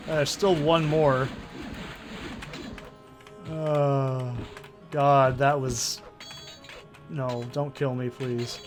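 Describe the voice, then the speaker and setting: Brief: male let's play host, excitable and profane, faint game music behind. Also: mid-range voice, drawn-out words, long pauses. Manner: excitable, swears freely. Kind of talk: casual gameplay commentary.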